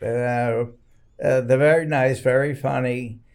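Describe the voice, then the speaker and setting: Older man, guest in casual chat, slow rambling delivery, smooth clear voice. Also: medium pitch, fairly even intonation, darkish tone. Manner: unhurried, rambling storyteller. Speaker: guest attorney.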